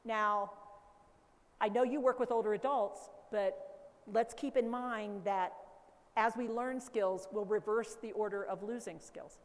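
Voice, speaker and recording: A woman educator giving a lively conference talk, acting out baby talk and caregiver voices along the way. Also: mid-range voice, a little slow, big-room sound. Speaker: dementia care educator. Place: conference hall.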